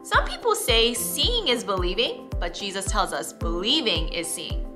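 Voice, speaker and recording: A woman teaching children, reading a Bible story in an expressive, animated way. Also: mid-range voice, moderate pace, music in the background.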